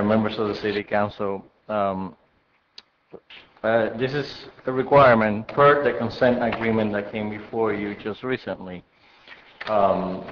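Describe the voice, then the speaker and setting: A man delivering a staff report to a city council, pausing often and filling gaps with "um" and "uh" in a fairly low voice. The sound is muffled and dull, with faint hiss in the background. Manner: hesitant, many um and uh fillers. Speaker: acting city manager giving staff reports.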